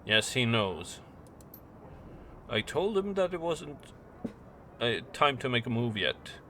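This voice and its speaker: A man's voice: medium pitch, sing-song, slow pace, a bit bright, a little hiss or hum. A man voicing a nasal, scheming woman who speaks in a businesslike way. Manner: sing-song turning businesslike.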